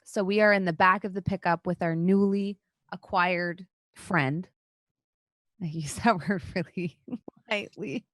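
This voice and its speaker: A woman narrating as game master of a tabletop horror game, relaxed and loose, with fillers. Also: on the low side, unhurried, no room sound.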